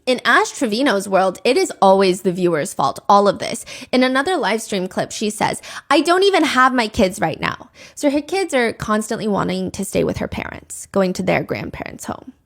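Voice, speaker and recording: A woman's voice: medium pitch, lively intonation, moderate pace, few pauses. A woman narrating a true crime story in a chatty, opinionated, casual storytime way. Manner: chatty, opinionated, acts out quotes.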